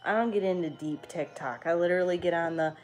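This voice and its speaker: A woman's voice: on the low side, quick pace, a little mellow, faint music behind. A young woman streaming from home, chatting casually with her viewers, swearing freely and answering their comments. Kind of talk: casual chat.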